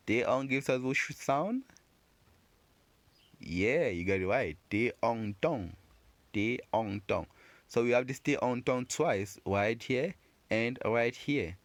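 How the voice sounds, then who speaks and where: A man giving a patient pronunciation lesson, slowly repeating words and encouraging learners. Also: mid-range voice, dry recording. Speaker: French teacher.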